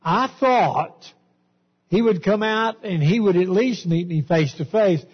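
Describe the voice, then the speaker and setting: A man's voice: high voice, takes it slowly, breathy edge, exaggerated voice. A man voicing a proud, indignant military commander who complains that he has been slighted. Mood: offended. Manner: complaining, offended. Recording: dull, echoey hall.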